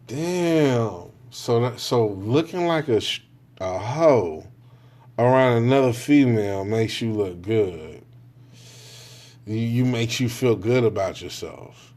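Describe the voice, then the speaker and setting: A man's voice: mid-range voice, animated, dark tone. A man hosting his own show, ranting alone in casual, profane street slang and mimicking other people as he goes. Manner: acts out other people in quick impressions. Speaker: podcast host. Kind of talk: casual monologue rant.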